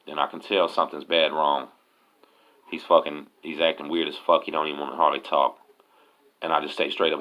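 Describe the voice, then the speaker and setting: A man's voice: a bass voice, little pitch movement, fairly quick. A man casually telling a story, profane and full of streetwise slang. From Galveston, Texas. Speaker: host telling prison stories. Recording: dull lo-fi audio.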